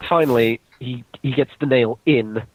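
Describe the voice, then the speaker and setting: A man's voice: medium pitch, moderate pace, no echo. A young man casually telling a story to friends, laid-back and swearing freely. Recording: dull lo-fi recording.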